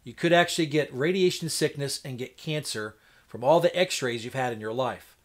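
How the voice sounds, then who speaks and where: A man's voice: medium pitch, moderate pace. A man chatting casually on a live stream, rambling in a folksy way and acting out what the doctors said. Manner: folksy, rambling, acts out doctors in quoted voices. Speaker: homestead livestreamer.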